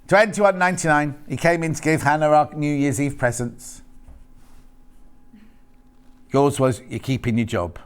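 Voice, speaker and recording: A man's voice: fairly high pitch, moderate pace, clean tone. Chatty TV shopping presenter, man. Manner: chatty, teasing, reads prices and product codes. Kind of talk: live TV sales chat. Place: TV studio. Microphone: earpiece and studio mic.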